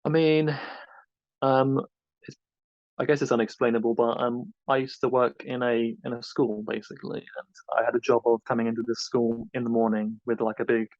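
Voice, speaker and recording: A man's voice: mid-range voice, flat delivery, moderate pace, a little mellow, no room sound. A man rambles through his answers with a level, unvaried delivery. The recording is dull, lo-fi and very dry, with no room sound at all. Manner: rambling, loose and hesitant. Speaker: podcast co-host being interviewed. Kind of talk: casual interview answers.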